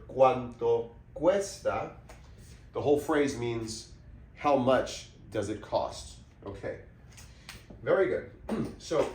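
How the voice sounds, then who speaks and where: A man teaches pronunciation at a very slow, deliberate pace, splitting each word into syllables and saying them again and again. He clears his throat often. His voice sits a little back from the mic in an echoey room with a faint hum of ambience behind him. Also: mid-range voice, distant mic. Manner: patient, breaks words into syllables and repeats them. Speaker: Spanish teacher.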